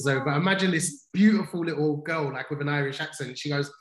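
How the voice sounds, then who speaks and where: A man's voice: a little high, fairly even intonation, fast. A man co-hosting a livestream, telling stories in casual chat, full of restarts and fillers. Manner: chatty storyteller, many restarts and fillers. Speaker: livestream co-host. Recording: roomy echo.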